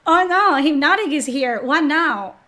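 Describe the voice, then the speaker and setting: A woman with a fairly high voice hosts her live stream while sick. She reads chat aloud and answers it in a mocking, sarcastic way, swearing freely as she talks. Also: animated, unhurried, bright, forceful tone.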